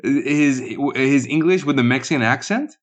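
A man's voice: mid-range voice, moderate pace. A man co-hosting a film podcast, chatting casually and animatedly, chuckling as he quotes scenes. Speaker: podcast co-host. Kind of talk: casual movie review chat.

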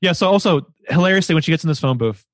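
A man co-hosting a podcast, chatting casually about a movie, animated and laughing as he retells scenes. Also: a little high, rapid-fire, no echo, clean studio sound. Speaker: podcast co-host. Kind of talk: casual movie-discussion chat.

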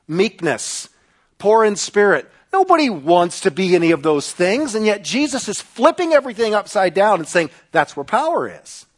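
A man delivers a sermon to a congregation with a high, bright voice. His pitch swings widely as he acts out the people in his story with animated energy. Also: moderate pace. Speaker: pastor.

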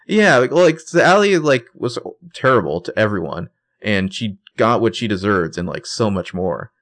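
A man's voice: lowish voice, sing-song, normal speed, fairly bright tone, no room sound. A man co-hosting a podcast, recapping a TV episode in laid-back, jokey casual chat.

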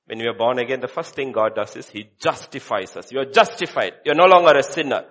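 A man preaching a sermon as a pastor, repeating short phrases and swinging between hushed and loud delivery. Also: mid-range voice, animated, fast talker.

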